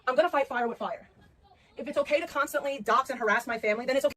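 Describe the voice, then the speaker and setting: A woman's voice: high-pitched, racing, fairly bright tone, a little hiss or hum. A woman livestreaming an angry rant, profane and repeating herself.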